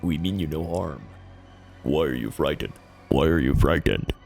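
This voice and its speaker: A man voicing an eerie, grinning male stranger who speaks telepathically, in a slow, flat, repeating way with a low, hollow, otherworldly tone. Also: creaky, husky, soft background music, full character voice.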